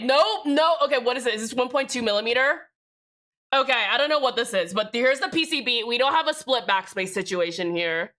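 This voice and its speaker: A woman's voice: on the high side, sharp tone. A woman live streamer chatting casually with her chat, joking and swearing, with rambling restarts. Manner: profane, joking, reads out chat names.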